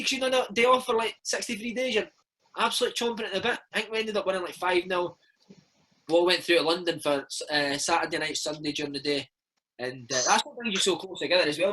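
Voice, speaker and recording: A Scottish man in his thirties, a former footballer telling stories in a casual interview, animated and peppering his talk with "mate". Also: sits high, breathy edge, poor audio. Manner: animated, chatty, keeps saying mate. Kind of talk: casual storytelling chat.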